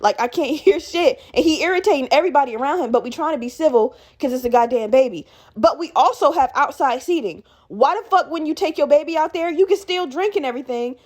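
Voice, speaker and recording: A young woman hosts a podcast, her high voice moving quickly with few pauses. She tells a story casually and animatedly, swearing a lot and acting out other people in raised voices.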